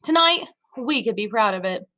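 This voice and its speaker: Bright-voiced woman reading a novel aloud. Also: a little high, lively intonation, normal speed. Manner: first-person narration with dialogue voiced in her own voice.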